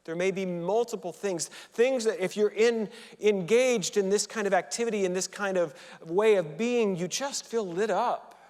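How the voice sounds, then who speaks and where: A man's voice: high-pitched, moderate pace, hardly any pauses, a little mellow, in a large hall. A male minister giving a conversational, joking sermon, often restarting his sentences. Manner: chatty, joking, with frequent restarts. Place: church sanctuary.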